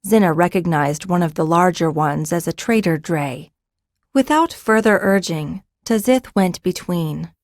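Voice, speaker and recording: A woman narrating a fantasy audiobook in a measured, even storytelling manner. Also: fairly low pitch, dry recording, clean studio sound. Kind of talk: scripted narration.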